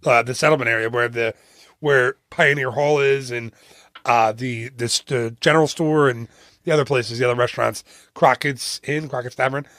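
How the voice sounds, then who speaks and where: A middle-aged man co-hosting a podcast in a studio, chatting in an easygoing way with halting fillers. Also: medium pitch, fairly even intonation, a bit bright, dry recording. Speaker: podcast co-host. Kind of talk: casual chat.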